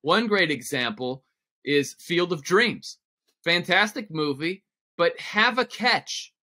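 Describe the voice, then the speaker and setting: Bright, wry high-voiced man. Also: takes it slowly. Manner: wry, deadpan humor. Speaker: radio co-host guest. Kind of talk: casual sports radio banter. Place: radio studio.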